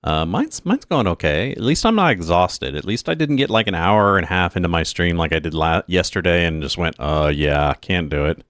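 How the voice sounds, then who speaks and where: A low-voiced man streaming a retro game, talking casually and wandering off into side chatter with plenty of ums and uhs. His nose sounds a little stuffed up from allergies, and his close mic sounds dry with no room around it. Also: big pitch swings, brisk, few pauses, a bit bright, dry recording. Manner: rambling, chatty, many fillers and asides. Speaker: streamer and host. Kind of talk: casual let's-play commentary.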